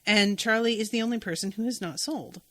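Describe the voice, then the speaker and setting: In a fairly quick, fairly bright medium-pitched voice with no echo, a woman hosting a podcast raves about a show she loves in casual chat. At times her emotion gets the better of her and she chokes up.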